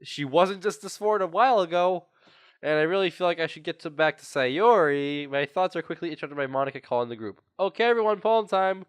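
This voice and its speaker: A man's voice: on the high side, brisk, clear, resonant tone, no echo, clean studio sound. Young man reading a game, sore throat. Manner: chatty, rambling asides. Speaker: gaming video creator. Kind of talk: reading a visual novel aloud with commentary.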